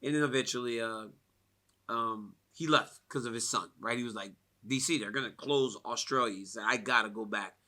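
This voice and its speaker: A man's voice: mid-range voice, normal speed. A man from the United States speaking at a fight media day, telling stories casually with many fillers and frequent laughs. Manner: animated storyteller, laughs often, many "like" fillers.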